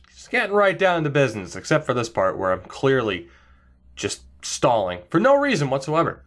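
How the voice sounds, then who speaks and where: A man's voice: on the high side, a bit bright. A man hosting a video game series, giving sarcastic, self-mocking commentary from a room with a desk mic. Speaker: gaming channel host. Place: indoor room by a wall. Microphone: desk mic facing camera.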